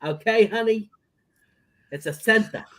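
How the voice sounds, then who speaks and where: A fussy old grandmother clucks over everyone in a high, coddling voice, as a man puts her on. She dotes and fusses, sweet and insistent. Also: a little slow, a bit bright. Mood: doting.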